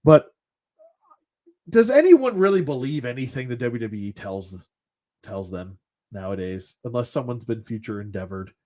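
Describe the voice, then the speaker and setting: A man's voice: mid-range voice, expressive, normal speed, warm tone. A man ranting casually as a show host, sarcastic and exasperated, swearing as he goes.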